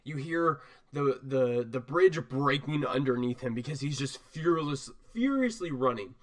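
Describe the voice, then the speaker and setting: A young man narrating as game master of a tabletop game, animated and quick to laugh. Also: medium pitch.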